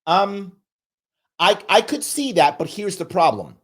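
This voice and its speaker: A man's voice: high voice, lively intonation, a little slow. A man hosting a political commentary livestream, emphatic and repetitive, reading out viewer super chats while getting over a cold. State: recovering from a cold, coughing.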